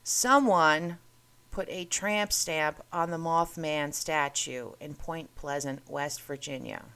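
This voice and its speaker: A woman's voice: low-pitched, slow, fairly bright tone, clean tone. A woman hosting a casual talk show, chatty and rambling as she goes through curiosities on her screen. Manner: chatty, rambling, self-interrupting. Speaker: host.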